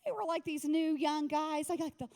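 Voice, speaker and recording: Woman pastor, high bright voice, lively and joking, speaks to a retreat crowd like friends. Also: moderate pace, gravelly. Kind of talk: sermon at a women's retreat.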